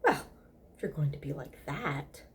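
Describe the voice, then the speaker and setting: A woman's voice: low-pitched, lively intonation, a little slow, a little hiss or hum. A woman voicing a fussy, prim male angel who speaks in a prim, fussy way.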